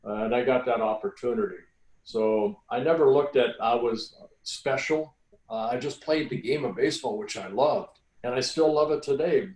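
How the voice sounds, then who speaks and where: A man in his sixties, a former pitcher, telling relaxed anecdotes as a podcast guest, with frequent "uh" and "you know". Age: 60s. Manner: relaxed anecdotal storytelling with many fillers. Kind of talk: storytelling in a podcast interview. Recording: roomy echo.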